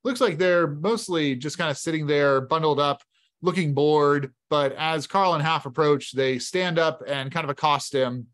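A man's voice: on the high side, normal speed, fairly bright tone. A man narrating a solo tabletop game in a casual, conversational way. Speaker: game master playing solo.

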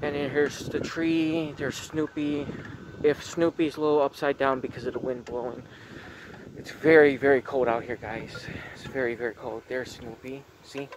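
A man giving a casual vlog tour of holiday decorations outdoors on a phone, talking gently and repeating himself often. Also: mid-range voice, steady tone, moderate pace, background noise. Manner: repetitive, gentle, keeps saying very very nice. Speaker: vlogger. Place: outdoors at night by a house.

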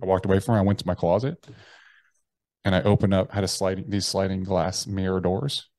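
A man's voice: low-pitched, level tone, fairly quick, darkish tone, dry recording. A man, an army veteran, telling a personal story in an interview, talking casually with lots of swearing and "like". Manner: casual and profane, heavy use of "like" and "bro".

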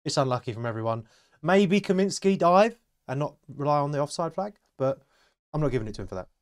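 A man co-hosting a casual football chat, easygoing and quick to laugh. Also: on the high side, very animated, no echo. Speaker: football podcast co-host.

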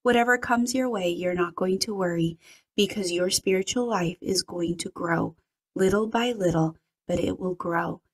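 A woman reading a devotional and giving commentary, praying and reading scripture in an earnest, measured way. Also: on the low side.

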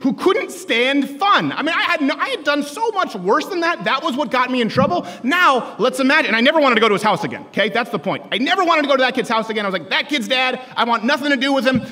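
Speaking to a live audience in a big lecture hall, this thirtysomething political commentator gives a comedic, sarcastic campus talk and yells the punchlines. He sounds very high-pitched and extremely animated, moving fast with barely any pauses. The room echoes and the crowd is audible.

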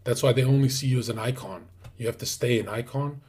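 A man hosting a livestream, talking in a brash, crude, casual way and sometimes dropping to a hushed whisper. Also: mid-range voice, fast talker, breathy edge. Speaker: streamer host.

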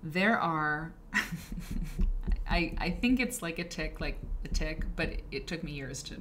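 Speaking in a low, slightly bright voice, this livestream host is animated yet keeps a measured pace over slight background noise. She rambles casually through quilt history, often going on tangents and correcting herself.

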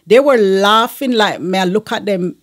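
A woman's voice: mid-range voice, normal speed. A woman, a guest sharing a personal testimony in an earnest manner, with frequent fillers.

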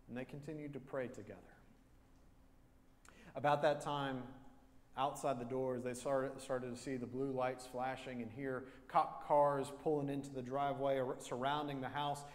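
A man's voice: mid-range voice, flat delivery, normal speed. A male pastor preaching an earnest sermon, telling a story and repeating key phrases for emphasis. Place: church sanctuary. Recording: long church reverb.

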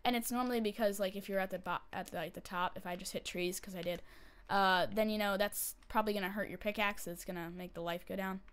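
Chatting through her gameplay, a woman sounds excitable and casual, dissolving into panicky squeals and repeated pleas when things go badly. Her mid-range voice is smooth and moves at a quick pace.

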